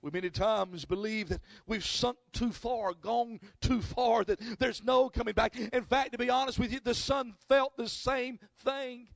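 A male pastor preaching a sermon, with sudden shouted bursts and call-and-response with the congregation. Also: very high voice, steady tone, unhurried, vocal fry, few pauses, no room sound. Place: church, recorded on video.

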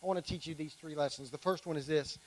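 A man's voice: a little high, fast, a little mellow, a little hiss or hum, rough recording. A man preaching a sermon to his congregation, emphatic, with playful joking asides. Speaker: pastor.

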